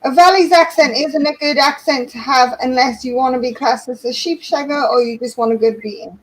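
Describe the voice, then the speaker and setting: A woman's voice: high-pitched, a little fast, low-quality recording. A woman with a Welsh accent chatting bluntly and sarcastically as co-host of a live stream. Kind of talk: casual chat.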